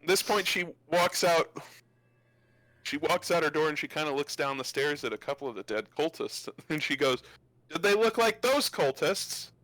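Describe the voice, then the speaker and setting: A man's voice: on the high side, fairly even intonation, normal speed, pushed and bright, rough recording. A man running a tabletop game as game master who narrates and explains the rules loosely and laughs often.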